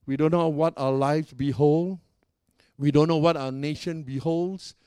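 A high-voiced male pastor preaching with excitable energy and playful jokes. He keeps calling out to the congregation for a response. His voice sounds close and dry, with little room around it. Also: measured pace, smooth, no echo. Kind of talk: sermon.

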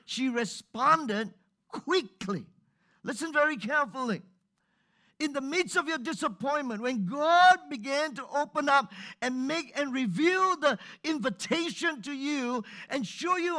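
A man's voice: extremely high pitch, sharp tone. A man preaching a sermon to a live congregation in church, talking conversationally and putting questions straight to his listeners.

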